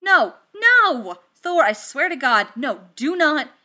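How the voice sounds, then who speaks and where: A woman reading aloud, voicing a brash, sarcastic male inventor who talks quickly, pushily and loudly. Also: medium pitch, lively intonation, close to an everyday voice. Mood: panicked.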